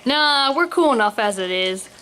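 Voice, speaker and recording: A woman's voice: fairly high pitch, expressive, normal speed, bright, forceful tone, slight background noise. A woman reading a story aloud and voicing a sarcastic young man who mocks his father. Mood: teasing. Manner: teasing, sarcastic. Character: mocking young adult son, laughing at his dad.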